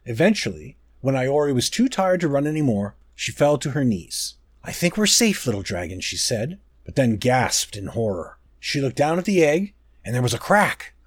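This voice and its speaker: A man reading a children's storybook aloud, slow and expressive, with dramatic pauses. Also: medium pitch, breathy edge, dry recording, clean studio sound. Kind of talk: storybook narration.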